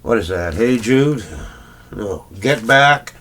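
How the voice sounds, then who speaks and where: A man's voice: mid-range voice, lively intonation, slow pace, fairly bright tone, a little hiss or hum. A middle-aged Canadian man, a record collector, chatting in a rambling casual vlog full of fillers and little chuckles.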